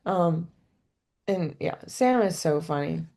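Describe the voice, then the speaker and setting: A woman in casual conversation who tells stories with animated energy and laughs often. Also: lowish voice, takes it slowly. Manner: giggly, animated storytelling. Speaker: podcast guest. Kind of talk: casual chat.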